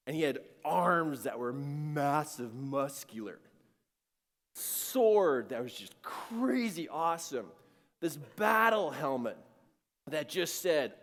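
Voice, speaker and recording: Man, earnest dramatic storyteller, very animated intonation, long hall reverb. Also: a little high. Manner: earnest, dramatic, with quoted inner dialogue. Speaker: speaker sharing a personal story. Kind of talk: personal testimony storytelling.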